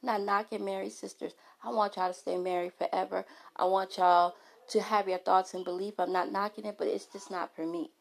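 A woman's voice: mid-range voice, level tone, a little fast, vocal fry. A middle-aged woman vlogger talking frankly and emphatically to her followers, often restarting her sentences. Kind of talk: candid talk to camera.

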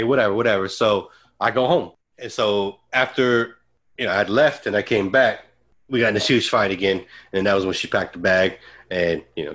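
A man with a fairly low voice tells a story on a casual podcast. He acts out what each person said in lively snippets of dialogue. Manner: animated storyteller who acts out quoted dialogue. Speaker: podcast co-host.

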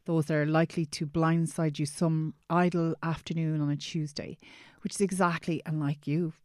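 A woman hosting a podcast, speaking gently and with empathy, reflecting on her guest's story. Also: sits low, little pitch movement, moderate pace, dry recording, clean studio sound. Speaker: podcast host. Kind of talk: interview conversation.

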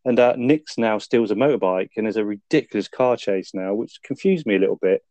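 Guy on a film podcast, low mellow voice, dry close sound, swears and laughs a lot. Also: fairly quick, dry recording. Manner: laid-back, swears a lot, laughs while retelling scenes. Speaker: film review podcast host. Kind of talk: casual chat, recapping a film.

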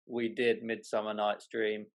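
A man's voice: on the low side, monotone, measured pace. A man from England with a British accent, a guest judge on a casual chat show, dry and blunt. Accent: British English.

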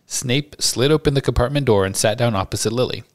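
A man's voice: mid-range voice, brisk. A man hosting a podcast, reading a novel aloud and discussing it. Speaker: podcast host and reader.

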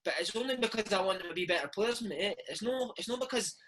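A Scottish man in his thirties, a former footballer telling animated stories in a casual interview chat, dropping "mate" into every other line. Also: sits high, quick pace, husky, low-quality recording. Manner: animated storytelling, peppered with "mate". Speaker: former footballer and podcast host, interview guest.

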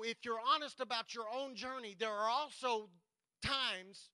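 A man preaches a sermon in a high, ringing voice. He slows right down to read scripture with weight, then speaks plainly and directly to his congregation. The sound is close and dry, with no room echo. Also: pushed and bright, smooth. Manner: preaching, reads scripture slowly and emphatically, talks directly to the congregation. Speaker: pastor.

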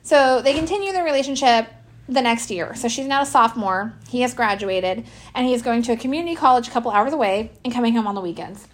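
A middle-aged woman telling brash, profane stories about her kids in casual chat. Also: on the high side. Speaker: podcast host. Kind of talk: casual storytelling.

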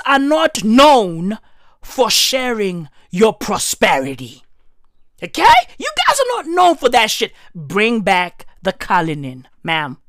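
A young adult woman from South Africa with a South African accent, delivering a loud, profane comedic rant, often shouting. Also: mid-range voice, big pitch swings, slow, no room sound, studio quality.

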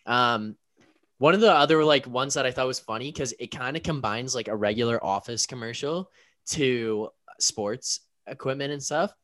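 Young man, casual storyteller, mid pitch, dry close sound. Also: moderate pace, a bit bright, no echo. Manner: storytelling with lots of filler words. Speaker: podcast co-host. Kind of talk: casual chat.

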